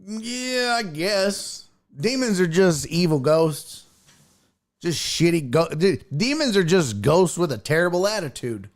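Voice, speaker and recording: A man hosting a casual sports talk livestream, reading viewer comments aloud and joking around. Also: measured pace. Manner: animated, jokey, swings pitch wildly. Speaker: sports talk show host.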